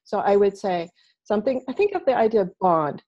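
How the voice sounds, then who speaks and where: A woman guest talking casually as a body language expert over a video call, animated and playing out little quoted voices. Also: medium pitch, brisk. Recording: dull lo-fi video call audio.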